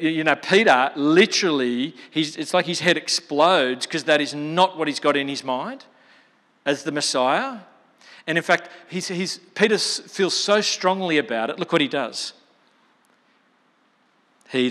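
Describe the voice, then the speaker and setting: A man's voice: on the high side, pushed and bright. A man preaching a sermon in a chatty, storytelling way, with colloquial asides. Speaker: pastor. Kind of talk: expository sermon. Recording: long reverb of a large hall.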